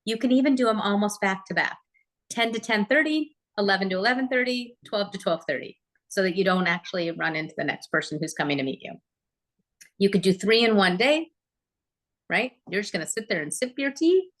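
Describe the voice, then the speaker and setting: A woman giving a live real estate training talk, chatty and lively, often asking the audience questions. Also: medium pitch, brisk. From Oregon, USA.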